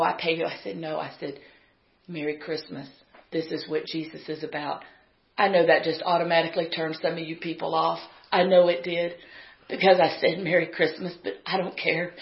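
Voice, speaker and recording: A woman preaches a sermon, moving between plain storytelling and fervent, shouted calls to action. Her voice sits at a middle pitch. It rings through a roomy space, and the recording is a little muffled. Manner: conversational storytelling that builds to fervent, shouted exhortation.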